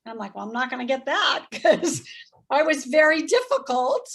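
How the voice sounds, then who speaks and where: A woman in her fifties telling a story in casual chat, animated and acting out voices as she goes. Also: high-pitched, moderate pace, vocal fry, husky. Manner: animated, acts out voices in quotes, laughs often. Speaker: guest.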